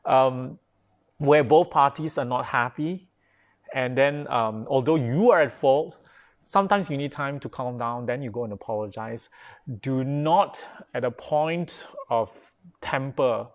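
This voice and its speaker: A man's voice: medium pitch, measured pace. A man, a Buddhist pastor giving a live-streamed dharma talk in a chatty, informal way, with many fillers and restarts, now and then answering viewer comments. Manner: replies to viewer comments as he goes.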